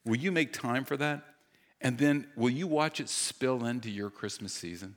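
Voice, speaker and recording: A man preaching and praying in an earnest, unhurried way. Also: medium pitch. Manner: earnest, slow and pausing. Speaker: pastor. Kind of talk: sermon with prayer.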